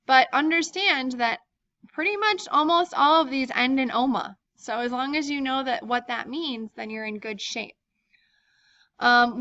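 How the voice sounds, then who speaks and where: Casual woman teaching with gravelly edge. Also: on the high side, sharp tone, dry recording. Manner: casual, frequent ums, explains step by step. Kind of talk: recorded lecture walkthrough. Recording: dull lo-fi dry recording.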